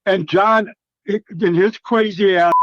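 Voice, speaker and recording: A middle-aged former wrestler with a fairly high voice rambles through profane war stories, acting out what others said. He is recorded dry, with a slightly dull sound. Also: fairly even intonation, measured pace, a bit bright, dry recording. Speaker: interview guest, former wrestler. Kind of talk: casual storytelling interview.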